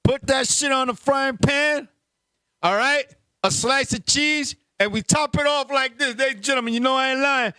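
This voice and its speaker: Brief: high-pitched NY man, 50s, loud profane show host, dry close sound. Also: normal speed, smooth, no echo. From Puerto Rico heritage, New York. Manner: loud, animated, profane storyteller. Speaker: podcast host. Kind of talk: casual banter.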